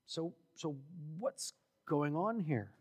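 A man preaching a sermon as pastor, emphatic and building to loud exhortation. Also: on the high side, sing-song, takes it slowly, breathy edge. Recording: long hall reverb.

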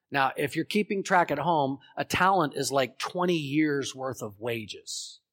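A man preaching a sermon, telling a parable and acting out its voices, swinging from loud pleading to hushed tones and questioning his listeners. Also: on the high side. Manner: asks the congregation questions. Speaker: pastor.

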